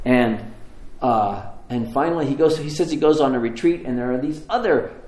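A man tells a sermon story in a loose, conversational way, often restarting his sentences. His voice sits at an everyday middle pitch. The sound rings in an echoey room. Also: expressive, a little mellow. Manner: conversational, halting, many restarts.

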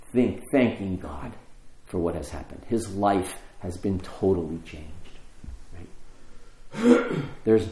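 A man's voice: medium pitch, darkish tone. Man preaching in a roomy echo. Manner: storytelling, varied emphasis, drawn-out pauses. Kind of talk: sermon.

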